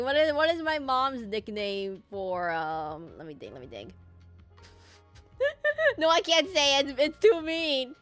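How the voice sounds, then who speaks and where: A woman's voice: a little high, a bit bright. A young woman streaming a game, rambling and laughing as she tells stories to her chat. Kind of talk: casual gameplay stream chat. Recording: game music behind.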